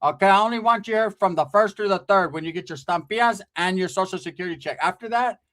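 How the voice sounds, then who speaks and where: A man's voice: high voice, fast talker, fairly bright tone. A man voicing a blunt, foul-mouthed middle-aged aunt who scolds her son in a comedy story. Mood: scolding. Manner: blunt, cussing, dismissive.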